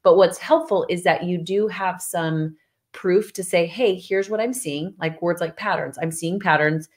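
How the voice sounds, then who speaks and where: A woman co-hosting a podcast chats casually and emphatically with her husband, laughing often. Her voice is on the low side and her pace a little slow.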